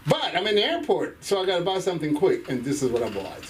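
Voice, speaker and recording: A comedian rambles through a heartfelt thank-you in an animated, slightly higher voice with lots of swing in pitch. He sounds set back from the microphone, and faint room noise hangs behind him. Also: fast, recorded from a distance. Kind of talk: casual speech to a comedy class.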